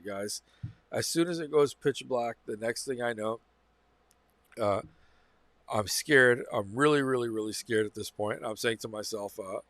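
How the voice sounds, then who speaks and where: Speaking straight to camera, a man with a mid-range, fairly bright voice tells a personal story in a casual, meandering way. He repeats phrases, corrects himself, and keeps circling back to restart sentences. The channel host's audio is dry, with no room echo.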